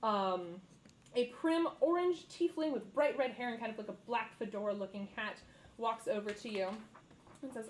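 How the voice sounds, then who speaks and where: A woman's voice: on the high side, moderate pace, a little hiss or hum, low-quality recording. A young woman narrating as dungeon master in a casual way, full of fillers and easy laughs. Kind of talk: narrating a tabletop game.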